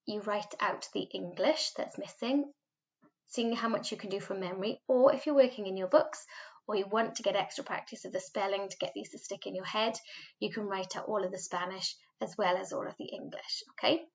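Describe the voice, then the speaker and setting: A woman with a Welsh accent teaching a recorded Spanish lesson, patiently modelling words slowly for students to repeat. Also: medium pitch, gravelly, highs cut off. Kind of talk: recorded remote language lesson.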